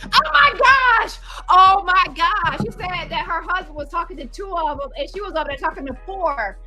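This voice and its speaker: A high-voiced woman hosts a reaction stream, sarcastic and incredulous as she reacts. Her bright, sharp tone comes through a phone mic. Faint music plays behind her. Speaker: commentary show host. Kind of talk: reaction commentary livestream.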